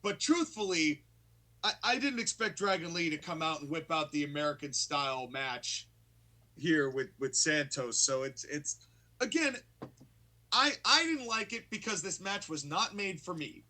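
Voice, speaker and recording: A man's voice: fairly high pitch, expressive, bright, forceful tone. A man co-hosting a wrestling review podcast in casual, joking banter. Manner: joking, teasing, quick asides. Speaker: wrestling show co-host.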